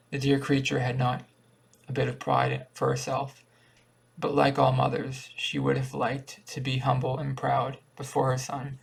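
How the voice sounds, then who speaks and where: A man reading a short story aloud as an audiobook, with a steady, measured delivery. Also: mid-range voice, vocal fry, husky. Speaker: audiobook reader. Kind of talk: audiobook narration.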